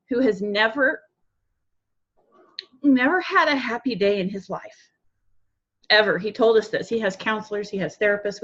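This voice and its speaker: A woman's voice: on the high side, a bit bright, slightly rough, highs cut off. A woman sharing an emotional testimonial on a group call, tearful and laughing as she speaks. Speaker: program participant.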